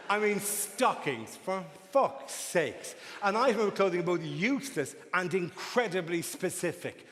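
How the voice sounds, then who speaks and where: A man from Ireland doing a stand-up comedy routine, storytelling in an animated way and acting out voices. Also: high voice, unhurried, hardly any pauses. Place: large theatre stage. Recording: echoey live venue with audience noise.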